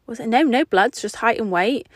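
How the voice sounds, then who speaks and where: A woman's voice: on the high side, normal speed, dry recording, clean studio sound. A young woman hosting a podcast, chatting on and rambling with lots of fillers, a little short of breath. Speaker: podcast host. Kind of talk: casual solo podcast chat.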